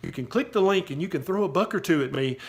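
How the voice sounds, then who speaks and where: A man's voice: high voice, lively intonation, quick pace. A man with a Southern US accent giving emphatic, folksy health advice straight to camera as a doctor, often checking with "okay?". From Southern US, Tennessee. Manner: emphatic, folksy, repeats "okay?" to drive points home. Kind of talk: direct-to-camera health talk.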